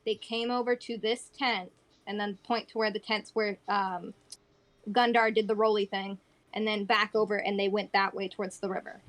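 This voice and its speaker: Animated woman player chatting. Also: mid-range voice, normal speed. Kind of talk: casual tabletop gaming chat.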